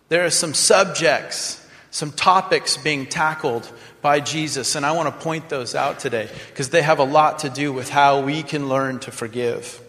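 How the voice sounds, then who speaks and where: A man preaching a sermon as a pastor, dramatic and expressive, acting out sample prayers in mock voices. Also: fairly high pitch, normal speed. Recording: long hall reverb.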